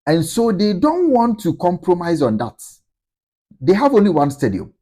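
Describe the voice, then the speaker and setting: A man giving measured sports commentary, explaining a situation. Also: high voice, very animated, dark tone. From Ghana.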